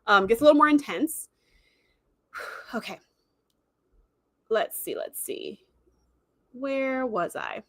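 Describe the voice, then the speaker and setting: A woman's voice: on the high side, very animated, slow pace, pauses often, no echo. A woman hosting a livestream, chatting casually and acting out characters' lines as she retells an episode. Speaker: livestream host.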